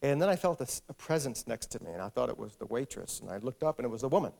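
A man's voice: mid-range voice, very animated, rapid-fire, creaky, a little mellow. A middle-aged man, an author, gives a humorous public talk and tells a wry, self-deprecating story. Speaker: author speaking at an event.

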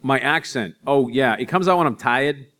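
A middle-aged man, an author, answering audience questions with chatty, self-deprecating stories and quick asides. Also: mid-range voice, sharp tone. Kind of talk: live Q&A storytelling.

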